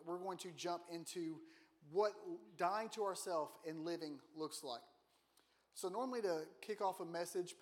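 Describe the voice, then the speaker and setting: A man giving a casual, joking sermon in a church, often putting questions to the congregation. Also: high-pitched. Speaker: guest preacher. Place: church auditorium.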